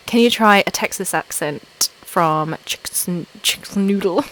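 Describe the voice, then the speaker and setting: A woman's voice: mid-range voice, slow, few pauses, a bit bright, poor audio. Giggly woman chatting on a livestream. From England (Essex). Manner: giggly, chatty, self-deprecating. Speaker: ASMR channel host. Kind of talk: casual live-stream chat. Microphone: desktop microphone. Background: laptop fan noise.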